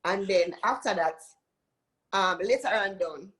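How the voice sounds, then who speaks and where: A woman's voice: medium pitch, a little slow, breathy edge. Jamaican woman telling her story. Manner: animated storytelling, acts out quoted voices. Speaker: dancehall singer guest. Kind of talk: casual interview chat.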